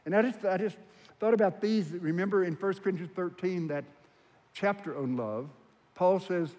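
A man's voice: sits high, a little mellow. Earnest preacher man in a reverberant hall. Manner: earnest and emphatic, drawn-out stressed phrases. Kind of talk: sermon.

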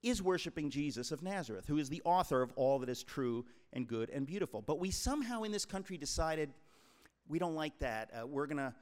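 A man's voice: fairly high pitch, expressive, brisk, darkish tone. A man in his sixties from the New York area, an author giving an emphatic, preacherly talk to a live audience and calling them folks. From New York tri-state area, USA. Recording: long hall reverb.

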